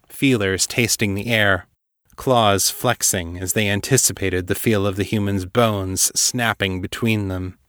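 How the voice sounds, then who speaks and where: Male podcast host, low register, dry close recording, reading fantasy fiction with steady deliberate pacing. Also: dry recording. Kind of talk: scripted narration of a dark fantasy story.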